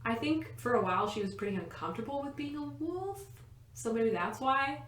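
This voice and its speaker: A woman's voice: a little high, expressive, a little fast, fairly bright tone, a little hiss or hum. A woman co-hosting a podcast in casual chat, explaining at length with lots of "like" and frequent laughs. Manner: chatty, laughs often, fills with "like". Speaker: podcast co-host, quizmaster. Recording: roomy echo.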